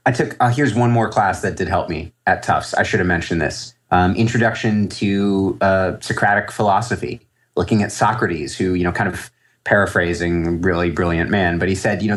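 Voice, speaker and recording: Low-voiced man, rambling and reflective. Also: fairly even intonation, moderate pace. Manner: reflective, rambling with many fillers and restarts. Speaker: trader guest. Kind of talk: podcast interview answers.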